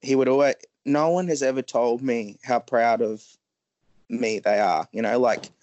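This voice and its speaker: A man's voice: mid-range voice, a little mellow, dry recording, highs cut off. Man, emotional storyteller, hesitant delivery, dry close sound. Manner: halting, frequent ums, pauses.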